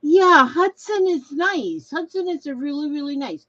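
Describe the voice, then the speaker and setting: A woman's voice: sits high, animated, unhurried, pushed and bright, dry recording, dull audio. An older woman from Minnesota chatting casually as a craft livestream host, reading viewer comments aloud and trailing off mid-sentence.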